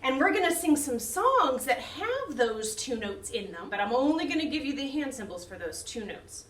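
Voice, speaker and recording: A woman who directs a children's choir, teaching young children a lesson slowly in a sing-song way. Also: high voice, big pitch swings, fairly bright tone. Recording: echoey room, mic some distance off.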